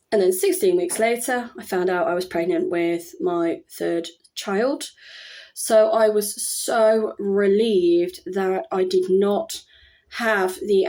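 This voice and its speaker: A woman's voice: medium pitch, dark tone. A woman in her thirties talking casually at home about her own experience, rambling and chatty with many fillers and restarts. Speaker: vlogger. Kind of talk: casual personal talk to camera.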